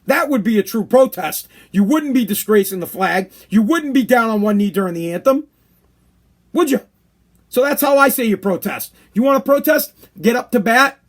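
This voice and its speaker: Man, high-pitched, podcast host, fired-up, swearing, repetitive, opinion rant. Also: expressive, normal speed. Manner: heated, profane, repeats himself for emphasis. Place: hot room downstairs.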